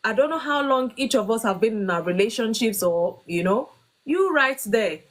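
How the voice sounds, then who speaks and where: Woman, host, faith talk, earnest, emphatic, slightly high voice. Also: animated, normal speed, rough recording. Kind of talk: faith-based talk on marriage.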